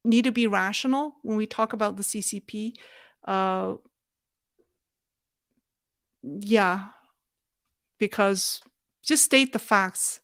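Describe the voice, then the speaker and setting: A woman hosting a live show and answering viewer questions in a thoughtful, halting way. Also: fairly high pitch, no room sound, studio quality. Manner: thoughtful, halting, with restarts and soft laughs.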